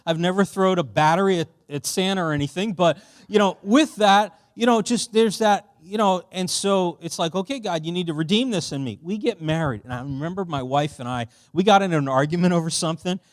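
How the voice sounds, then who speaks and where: Middle-aged man, church workshop speaker, fairly high voice, dry close sound, chatty and boisterous. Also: a little fast, hardly any pauses, no room sound. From Philadelphia. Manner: animated, conversational, loud and boisterous by his own account; casual, with many fillers and asides to the audience.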